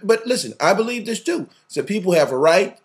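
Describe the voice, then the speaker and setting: High-voiced man ranting animatedly. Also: a little fast. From family from the Southern US. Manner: animated, repeats words, acts out quotes, laughs often. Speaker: podcast co-host. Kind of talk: casual opinionated chat.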